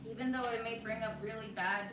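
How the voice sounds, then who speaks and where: A woman vlogging casually from her home kitchen, talking in a soft, reflective way with many pauses and ums. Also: a little high, steady tone, very noisy. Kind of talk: casual livestream chat. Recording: roomy echo.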